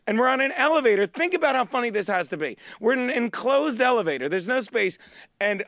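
High-voiced New male co-host. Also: fast talker, gravelly, no room sound, studio quality. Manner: laughing, animated anecdotes. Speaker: podcast co-host. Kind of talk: comedic storytelling.

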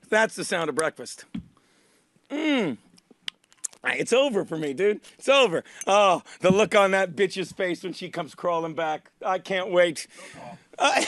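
A man's voice: very high voice, a bit bright, dry recording. A man hosting a radio comedy show, telling rambling, profane, jokey stories. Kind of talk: crude comedy radio talk.

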